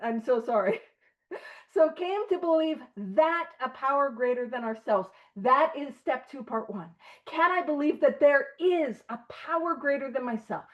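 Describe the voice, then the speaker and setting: A woman's voice: sits high, expressive, unhurried, dull audio. A woman leading an online recovery study, talking earnestly and with emphasis, sometimes breaking off with a light aside. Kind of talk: conversational study talk. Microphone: video call.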